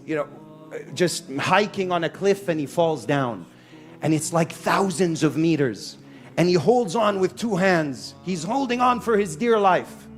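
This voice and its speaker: A man preaching a lively sermon to a live audience in a hall, mixing Arabic phrases into his English. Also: sits high. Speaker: Islamic preacher. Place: hall with a sound system and echo.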